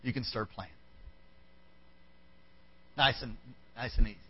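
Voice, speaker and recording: Speaking a little slowly in a medium-pitched voice, a pastor brings a Bible story to life in his sermon, acting out characters and throwing asides to the band. Soft band music plays underneath, and the highs are cut off.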